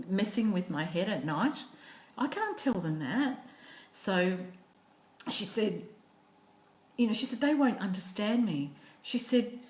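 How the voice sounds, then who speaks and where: A middle-aged Australian woman telling a personal story in a lively way, restarting often and acting out what others said. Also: medium pitch, normal speed, echoey room, low-quality recording. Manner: animated storyteller who acts out quoted speech with repeated restarts. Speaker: psychic medium.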